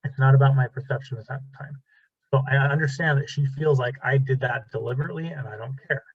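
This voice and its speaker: Husky man giving a lively relationship talk. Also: medium pitch, fast talker, no room sound, highs cut off. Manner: animated, self-deprecating, acts out quoted dialogue. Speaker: relationship speaker. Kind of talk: casual talk to an audience.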